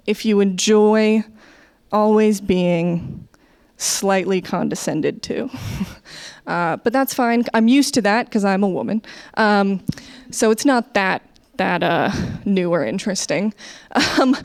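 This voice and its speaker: A woman's voice: mid-range voice, darkish tone. Chatty American woman doing stand-up. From United States. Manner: chatty, self-deprecating, laughs often. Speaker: stand-up comedian. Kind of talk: online stand-up set. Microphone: webcam, leaning in and out.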